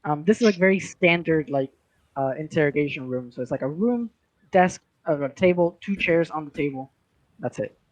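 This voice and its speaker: A man's voice: a little high, expressive, normal speed, no room sound, rough recording. A man narrating a tabletop game as game master in a casual, rambling way with many filler words.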